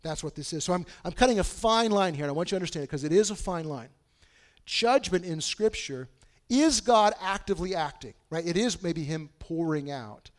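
A man preaches a sermon in a chatty, conversational way. His voice sits a bit high for a man. He drops low and quiet, then swells into loud, emphatic outbursts. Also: lively intonation, a little fast. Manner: conversational, swings from hushed to loud emphatic bursts. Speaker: pastor.

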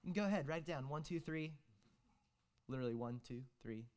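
A man's voice: fairly high pitch, a little fast, smooth. A young man, preaching a casual, joking sermon as a guest preacher, full of fillers and restarts.

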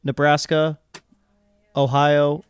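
A man's voice: a little high, completely flat delivery, slow, clear, resonant tone, dry recording. A man hosting a casual podcast chat, teasing his co-hosts and laughing often. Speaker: podcast host. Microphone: studio microphone.

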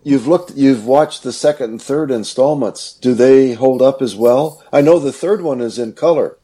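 Slightly husky man chatting casually. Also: medium pitch, moderate pace, mellow. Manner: laughs along, short agreeing replies. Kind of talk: casual chat about a film.

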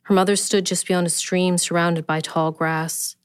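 A woman, the author, reading her own short story aloud in a steady, measured way. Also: fairly low pitch, smooth, no echo, studio quality. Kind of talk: scripted narration.

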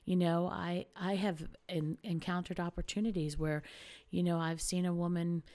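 A woman's voice: on the low side, flat delivery, normal speed, warm tone. A middle-aged woman talking earnestly and conversationally about women supporting each other, with frequent fillers. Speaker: speaker encouraging women. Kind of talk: casual heartfelt talk.

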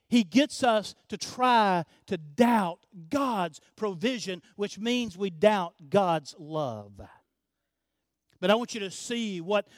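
A male pastor with a high voice delivers a sermon at an unhurried pace. He repeats key phrases and poses rhetorical questions, often letting his voice sink to a near whisper. The sound is close and dry, with no room echo. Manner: drops to a hush at the end of phrases.

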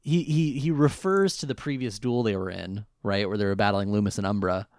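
A man's voice: lowish voice, fairly quick, darkish tone, no echo, studio quality. A man co-hosting a casual recap chat who talks animatedly, laughs often and acts out the characters. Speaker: podcast co-host.

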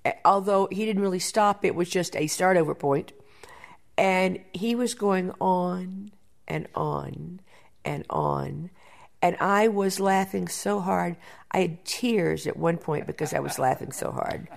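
A woman producer in an interview, telling backstage stories in a lively way and often repeating words as she thinks. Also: on the low side, moderate pace, gravelly. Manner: animated storyteller, repeats words while thinking. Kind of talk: interview conversation.

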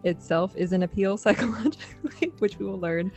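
A woman's voice: mid-range voice, animated, brisk, darkish tone, faint music behind. Chatty laughing woman podcaster. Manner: chatty, laughs often, reads quotes aloud dramatically. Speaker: podcast co-host. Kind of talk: casual chat.

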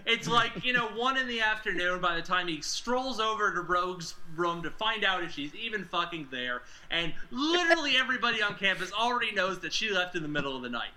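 Bright-voiced man, casual and profane. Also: high voice, expressive, a little fast, few pauses, low-quality recording. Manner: swears freely, acts out lines with laughs. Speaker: podcast co-host. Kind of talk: casual movie discussion.

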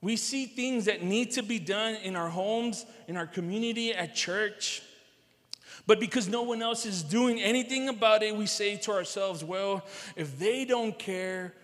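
High-voiced male pastor in a reverberant hall. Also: moderate pace, fairly bright tone. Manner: repeats key phrases for emphasis, addresses the congregation directly. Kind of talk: sermon. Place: large church sanctuary.

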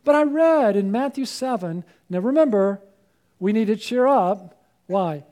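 A man's voice: high voice, expressive, measured pace, dark tone. A man preaching a sermon as pastor, emphatic and rising sharply when he urges, often asking the congregation call-and-response questions.

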